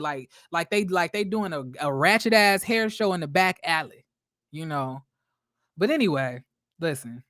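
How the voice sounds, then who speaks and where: A man's voice: high voice, fairly bright tone, dry recording. Sassy guy ranting about a reality show, blunt and profane, dry close mic. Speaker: reality TV recap vlogger. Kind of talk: casual commentary.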